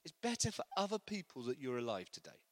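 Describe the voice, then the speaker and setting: A man preaching a sermon, lively and building to loud, emphatic delivery. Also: mid-range voice, fast talker, no room sound.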